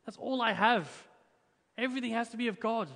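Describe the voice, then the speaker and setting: A man's voice: extremely high pitch, a little fast, a bit bright. A young man, preaching a sermon as pastor, earnest and emphatic, often checking in with "right?". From Australia. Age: young adult. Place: church hall, in front of a congregation. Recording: reverberant church hall.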